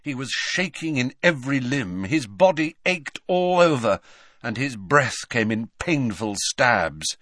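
A man narrating a story in an expressive storytelling manner. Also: medium pitch, unhurried, no echo, studio quality. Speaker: audiobook narrator. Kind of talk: scripted narration.

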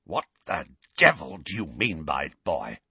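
A man's voice: mid-range voice, sing-song, unhurried, fairly bright tone, breathy edge, no room sound, pitched above the performer's own voice, exaggerated voice. A man reading aloud and voicing a blustering, bullying middle-aged uncle who snarls in a strained, raised voice.

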